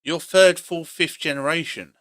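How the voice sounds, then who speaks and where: A man's voice: a little high, fairly even intonation, moderate pace, a bit bright, no room sound. A man giving a blunt, opinionated monologue for his vlog, hammering the same points over and over. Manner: blunt, argumentative, repeats points. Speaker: opinion vlogger.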